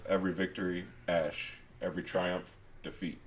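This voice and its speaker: A man on a casual podcast, reading aloud in a low, laid-back way. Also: flat delivery, normal speed, slight background noise. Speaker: podcast co-host. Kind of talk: casual chat.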